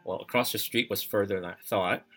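A man telling a personal story as podcast host, reflective and halting, with many fillers and restarts. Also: on the low side, a bit bright, soft background music.

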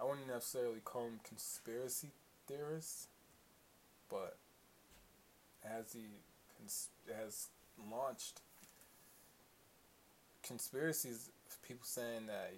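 A man hosting a casual solo commentary show, profane, rambling and opinionated. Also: lowish voice. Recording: faint hiss.

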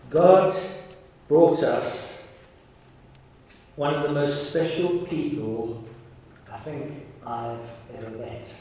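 A man preaching a sermon as pastor, telling stories in a warm, emotional way with halting restarts and repeated words. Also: fairly high pitch. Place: large church hall. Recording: echoey hall, voice from far off.

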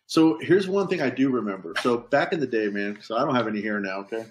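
A man's voice: medium pitch, lively intonation, fast talker, noisy background. A police officer telling a story in a casual, easygoing way, often tossing in "man". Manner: easygoing, peppers talk with "man".

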